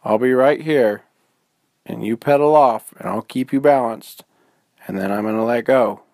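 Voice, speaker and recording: A man's voice: mid-range voice, normal speed, a little mellow, no room sound, lightly acted. A man doing a friendly talking bear. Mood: encouraging. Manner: cheerful, coaxing, laid-back. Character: friendly talking male bear, encouraging and easygoing. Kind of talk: bedtime story voice.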